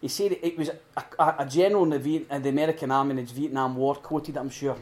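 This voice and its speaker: A middle-aged man giving an earnest, heartfelt talk at a recovery retreat. He swings between loud emphasis and hushed, prayerful quiet. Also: mid-range voice, steady tone, fast talker. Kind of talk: informal sermon talk.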